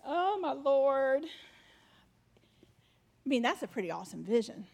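Woman preacher, conversational sermon, slow unhurried delivery, fairly high voice, chatty asides to the crowd. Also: sing-song, vocal fry. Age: adult mother. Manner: chatty, laughing asides to the audience. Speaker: preacher sharing a vision.

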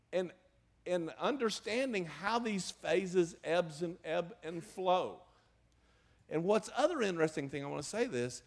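An older man with a gravelly, slightly raised voice preaches in earnest. His delivery swings from pressed emphasis to hushed, confiding asides, and he speaks from the pulpit to a congregation. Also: high voice. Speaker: pastor. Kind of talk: sermon.

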